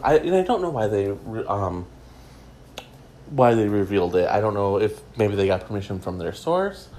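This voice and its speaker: A man with a low voice hosts a relaxed solo gossip talk, rambling and joking at his own expense. He trails off and restarts often. A faint hiss sits under the recording. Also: low-quality recording. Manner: chatty, rambling, self-mocking with many fillers. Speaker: gossip podcast host. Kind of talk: casual solo chat.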